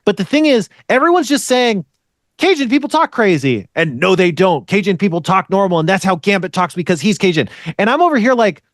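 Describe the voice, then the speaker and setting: A man's voice: high voice, expressive, fast talker, hardly any pauses, no echo, studio quality. A man hosting a podcast in casual chat, rambling and swearing as he rants. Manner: rambling, profane, ranting. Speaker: podcast host.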